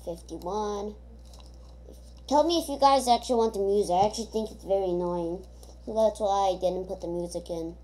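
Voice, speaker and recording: Woman gamer, mellow tone, casual rambling commentary full of ums and restarts. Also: mid-range voice, normal speed. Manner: rambling, thinking aloud with many hesitations.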